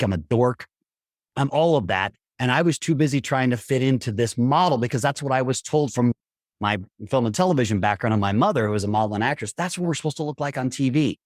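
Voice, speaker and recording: Middle-aged male guest, mid-range voice, animated storyteller, blunt and emphatic. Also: medium pitch, no echo, clean studio sound. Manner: emphatic, blunt, with mild swearing. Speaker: podcast guest.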